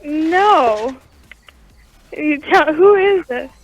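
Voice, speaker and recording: Very high, confused woman on a phone. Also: expressive, very slow, highs cut off, soft background music. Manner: confused, keeps asking questions. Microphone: phone line.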